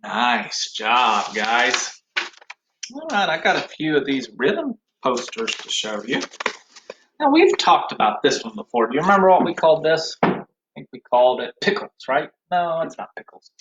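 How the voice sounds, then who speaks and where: A man's voice: mid-range voice, wildly swooping pitch, normal speed, highs cut off, background noise. A man teaching an online music class for young children, with sing-song call-and-response. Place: home room, recording to a computer.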